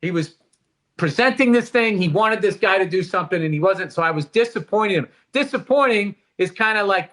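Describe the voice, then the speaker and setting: A man's voice: high voice, expressive, fairly quick, fairly bright tone. A middle-aged man on a casual podcast, talking reflectively and candidly, swearing now and then. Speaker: podcast host.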